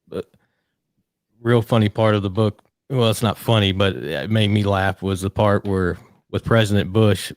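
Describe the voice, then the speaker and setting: A male podcast host who feels his way through questions, full of ums and restarts. His voice sits on the low side. The recording is dry, with no room sound. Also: no room sound. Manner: hesitant, filler-heavy questions. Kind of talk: casual interview.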